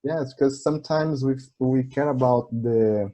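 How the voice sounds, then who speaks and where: Brazilian guy hosting a chat in english, mellow warm voice, laughs a lot, restarts a lot. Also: mid-range voice, measured pace, poor audio. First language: Portuguese. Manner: friendly, laughs often, hesitant restarts. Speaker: channel host, English learner. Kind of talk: casual conversation.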